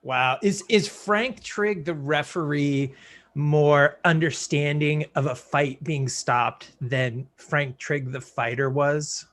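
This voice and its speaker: A man's voice: on the high side, slow, a bit bright. A man co-hosting a casual podcast interview, asking questions in a hesitant way. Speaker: podcast co-host.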